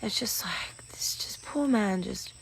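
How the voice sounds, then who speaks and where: A woman telling a personal story in earnest, rambling speech that keeps slipping into breathy half-whispers. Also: medium pitch, lively intonation, a little slow, poor audio. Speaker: storyteller in a social video.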